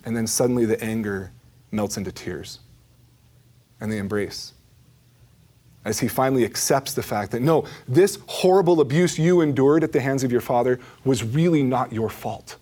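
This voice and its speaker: A man's voice: medium pitch, normal speed. A middle-aged man giving a conversational talk on prayer and adoration, with frequent asides to his listeners. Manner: conversational, animated, with asides like "right?". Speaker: Catholic speaker on the Eucharist.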